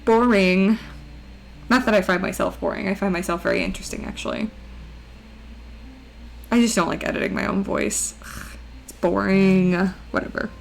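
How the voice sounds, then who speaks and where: Drawing on stream, a woman talks casually in a high, mousy voice with big pitch swings, vocal fry and frequent pauses, moving along briskly. She's playful and self-mocking, her voice cracking occasionally from a long session. The audio is poor, with some hiss or hum.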